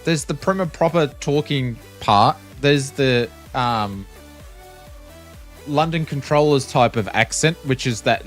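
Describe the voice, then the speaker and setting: A man's voice: medium pitch, slow, soft background music. A man with an Australian accent chatting casually and joking with viewers on a flight sim live stream. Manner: chatty, joking, lots of ums.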